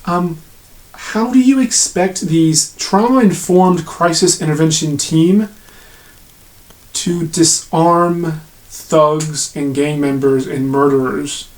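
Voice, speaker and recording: Man, fairly high voice, sarcastic video rant, blunt and profane. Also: steady tone, slow. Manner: sarcastic, blunt, swears freely. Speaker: video commentator. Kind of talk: ranting commentary to camera.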